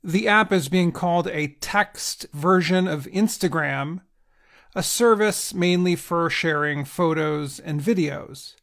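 A man reads a news report aloud in a measured, scripted way meant for learners. His voice sits high and carries a gravelly edge. He takes his time over every phrase. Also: a bit bright. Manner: deliberate, evenly paced delivery. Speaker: news reader.

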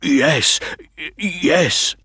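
A man voicing a gruff, defensive stable owner in an audiobook. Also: on the high side, extremely slow, sharp tone, no room sound, studio quality, voice pushed up, full character voice. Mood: nervous. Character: gruff, hostile male stable owner, middle-aged. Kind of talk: audiobook character reading.

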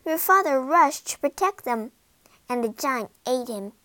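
A woman doing a small fairy with a high voice. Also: lively intonation, unhurried, no room sound, full character voice. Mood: grave. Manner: warning, sighing softly. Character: small gentle female fairy with wand.

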